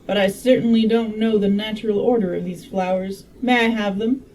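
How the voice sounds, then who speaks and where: A puzzled Victorian doctor turning a question over, as a woman puts him on in a storybook reading. Mellow and slightly high, recorded from a little distance with faint hiss. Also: steady tone, fairly quick, lightly acted.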